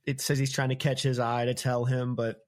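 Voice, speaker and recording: A man's voice: mid-range voice, level tone, brisk, darkish tone. A young American man hosting a podcast, casually retelling book chapters and laughing often. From United States. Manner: laughs often, paraphrases scenes in slangy voices. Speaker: podcast host. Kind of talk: casual book-discussion chat.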